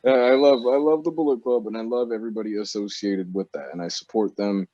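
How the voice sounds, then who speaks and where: Low-voiced stammering podcast co-host man. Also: steady tone, fast talker, mellow, dry recording, highs cut off. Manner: stammers on repeated words, swears casually. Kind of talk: casual podcast chat.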